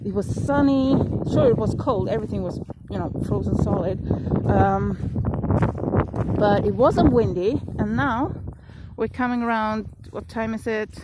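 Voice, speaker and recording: A woman's voice: medium pitch, measured pace. A woman chatting casually to her viewers in a vlog, rambling and apologizing with laughs while she walks her dog, filming on a handheld phone outdoors by a frozen river. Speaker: vlogger. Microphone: phone held in hand while walking a dog. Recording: windy outdoor phone recording.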